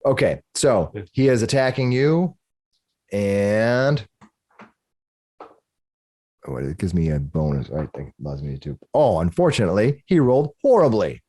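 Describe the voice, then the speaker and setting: Animated man running a tabletop game. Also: on the low side, a little slow, long pauses. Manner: animated, narrates the monsters' actions with relish. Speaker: dungeon master.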